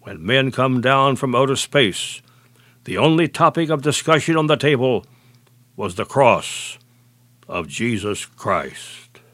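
A man preaching a sermon, measured and deliberate, slowing and dropping low on key phrases. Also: expressive, fairly bright tone, no echo.

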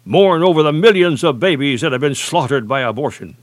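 A man preacher delivering a sermon, talking deliberately and emphatically, and slowing down to quote scripture. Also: fairly high pitch, expressive, no room sound.

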